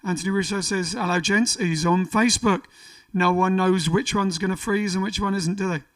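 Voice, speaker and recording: A man's voice: sits high, normal speed, a bit bright, distant mic. A man hosting a casual livestream, reading out viewer comments in a jokey, rambling way. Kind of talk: casual chat. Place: home during lockdown.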